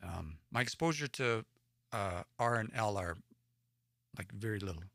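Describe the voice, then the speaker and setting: A man from the Edmonton area of Alberta, Canada hosts a livestream where he reads Cree stories aloud, translating them word by word and sounding out words he's unsure of. His voice is fairly low, gravelly and a bit bright, expressive and unhurried. The studio-quality recording has no echo.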